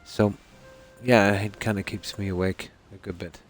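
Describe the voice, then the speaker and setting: A man's voice: on the low side, flat delivery, faint music behind. A man giving casual, rambling live-stream commentary while playing a game, talking easygoing from a room at home at night. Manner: rambling and easygoing, with many "you know"s and pauses.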